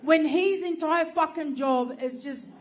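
A woman's voice: high-pitched, a little slow. A woman doing stand-up, telling a story animatedly, swearing and laughing through it. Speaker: stand-up comedian.

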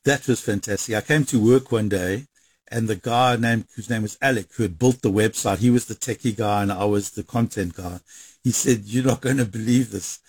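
A man recounting events in an animated interview, talking quickly and restarting his sentences. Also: on the low side, slightly rough, no room sound. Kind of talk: storytelling interview.

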